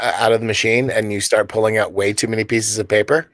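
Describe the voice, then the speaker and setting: A man's voice: lowish voice, little pitch movement, fast talker, fairly bright tone, dry recording, soft background music. A man co-hosting a comedy podcast, telling rambling workplace stories and laughing at his own jokes. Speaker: podcast co-host. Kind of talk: casual comedic storytelling.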